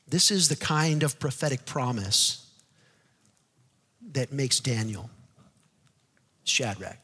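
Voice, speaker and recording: Fervent male preacher, husky and bright. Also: mid-range voice, expressive, slow pace, in a large hall. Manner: swings from quiet, hushed asides to loud, fervent preaching; conversational, with restarts and "like" fillers. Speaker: pastor. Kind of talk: sermon.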